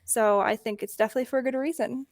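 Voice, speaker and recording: A woman's voice: a little high, steady tone, fast talker, no room sound. A woman co-hosting a casual esports podcast, hesitant and filling her talk with ums and yeahs. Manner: hesitant, many fillers, giggly. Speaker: podcast co-host, player.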